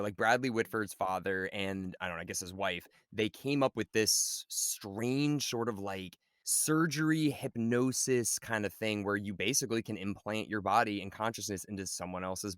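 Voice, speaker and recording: A man's voice: lowish voice, no room sound, studio quality. A man co-hosting a podcast, chatting eagerly about a film and saying "dude" often. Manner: enthusiastic, says "dude" a lot. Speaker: podcast co-host. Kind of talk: casual chat about a film.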